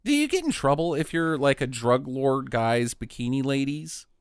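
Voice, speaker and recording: A podcast host leads the questions in a casual chat, joking and laughing often. His medium-pitched voice is clear and resonant, with lively intonation at a normal speed, recorded in a clean studio with no room sound.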